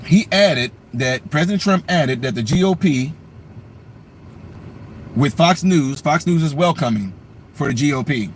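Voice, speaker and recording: A man hosting a political commentary vlog who rants emphatically and speaks directly to his audience. His voice sits high for a man. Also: lively intonation, measured pace, pauses often, a little hiss or hum. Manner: emphatic, ranting, talks straight to viewers.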